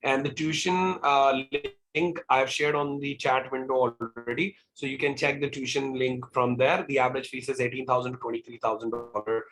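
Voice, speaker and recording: A man's voice: medium pitch, fairly even intonation, moderate pace, hardly any pauses, a bit bright, low-quality recording. A man representing a college, answering applicant questions in an online info session with many fillers. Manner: explanatory, with frequent fillers. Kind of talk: webinar Q&A. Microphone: video call.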